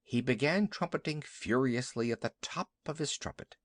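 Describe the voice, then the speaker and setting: A man narrating a classic children's story in an expressive storytelling manner. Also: medium pitch, moderate pace, no echo. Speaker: audiobook narrator. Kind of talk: scripted audiobook narration.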